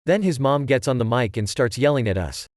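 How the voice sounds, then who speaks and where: A man reads Reddit posts aloud in a flat, even voice. He spells out abbreviations one letter at a time. The recording is dry and close, with no room sound. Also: mid-range voice, a little fast, dry recording. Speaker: narrator.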